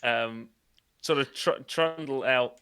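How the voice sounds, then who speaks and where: A man's voice: medium pitch, unhurried, bright, forceful tone, clear, resonant tone. A man with an Irish accent playing a tabletop role-playing game, hesitant and thinking aloud. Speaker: player. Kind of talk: casual tabletop play.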